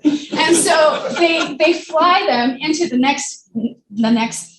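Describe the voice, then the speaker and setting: Animated high-voiced woman telling stories. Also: takes it slowly, a little hiss or hum. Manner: animated, acts out the people in her stories. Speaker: guest speaker at a radio club meeting. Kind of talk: lively storytelling talk. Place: meeting room. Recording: roomy, distant mic with faint ambience.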